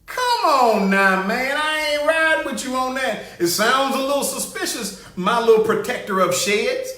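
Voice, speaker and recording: A man hosting a radio talk show, holding forth in an animated, sarcastic, down-home preaching way. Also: very high-pitched, moderate pace, roomy sound. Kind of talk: opinion talk radio monologue.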